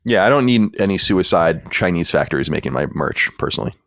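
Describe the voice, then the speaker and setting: A man's voice: deep voice, expressive, quick pace, fairly bright tone, no room sound, clean studio sound. A man hosting a podcast in casual chat, blunt and opinionated, rambling with restarts. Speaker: podcast host.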